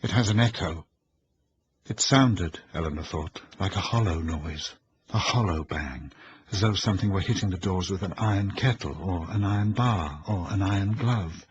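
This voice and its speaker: A man narrating an audiobook in a measured, suspenseful reading. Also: sits low, lo-fi sound, a little hiss or hum.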